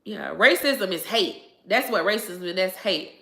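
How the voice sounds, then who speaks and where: A woman's voice: mid-range voice, animated, measured pace, pushed and bright, echoey room. A woman hosting a casual livestream, talking emphatically, repeating herself and laughing often. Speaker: livestream host answering viewers.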